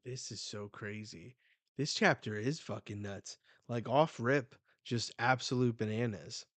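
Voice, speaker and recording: A man hosting a live manga reading reaction, with excited, profane outbursts. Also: mid-range voice, unhurried, no room sound.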